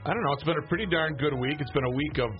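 A man's voice: a little high, rapid-fire. A man hosting a casual radio chat in an easygoing, joking way. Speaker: radio host. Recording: dull lo-fi radio with faint music.

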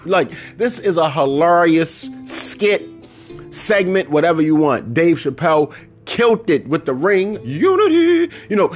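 A man's voice: on the high side, normal speed, faint music behind. A middle-aged man hosting a casual solo podcast, talking animatedly and acting out movie lines. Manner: animated, quotes movie lines in put-on voices. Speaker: podcast host.

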